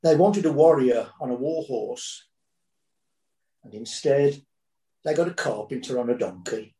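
A man's voice: mid-range voice, lively intonation, measured pace, warm tone, roomy sound, low-quality recording. A man preaching a sermon, telling the story dramatically with rising and falling intensity.

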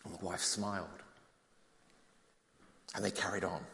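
A man preaching, telling a story with props and then reading a psalm, animated and at times dropping soft. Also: low voice, measured pace, creaky. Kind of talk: children's talk and Bible reading. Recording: long hall reverb.

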